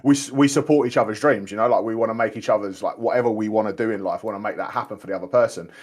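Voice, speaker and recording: A man's voice: on the low side, rapid-fire. A man in his thirties with a London accent, chatting casually as a guest poker player in a loose, rambling way. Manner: laid-back, rambling, says "mate" a lot. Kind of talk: casual chat during an online game.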